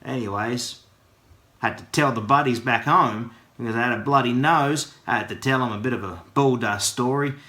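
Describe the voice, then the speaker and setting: A man's voice: medium pitch, normal speed, bright, forceful tone. A man with an Australian accent, hosting his vlog from his studio and spinning a chatty story full of slang. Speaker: vlogger. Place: home studio.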